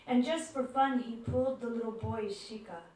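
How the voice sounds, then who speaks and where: A woman giving a devotional talk, telling stories gently and acting out the voices in them. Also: on the high side, moderate pace. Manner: gentle storyteller who acts out quoted voices. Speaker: devotional speaker. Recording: echoey room, far from mic.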